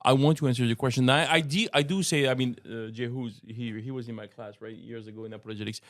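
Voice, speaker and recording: A man's voice: medium pitch, steady tone, fast, dry recording, clean studio sound. A middle-aged man from France with a French accent, co-hosting a faith podcast and speaking earnestly, often repeating words as he searches for phrasing. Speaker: co-host, apologetics teacher. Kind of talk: casual podcast discussion.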